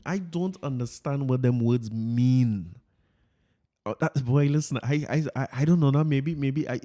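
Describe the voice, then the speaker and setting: A man's voice: mid-range voice, animated, normal speed, warm tone. A man with a Trinidadian accent hosting a casual podcast, joking and chatty, with stammering restarts. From Trinidad and Tobago. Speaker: podcast host.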